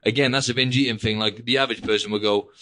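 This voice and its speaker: A man's voice: mid-range voice, steady tone, fast talker, sharp tone. A young man hosting a podcast, rambling casually and saying "mate" and "like" a lot. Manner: rambling, peppers speech with "mate" and "like". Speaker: podcast host. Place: living in Australia.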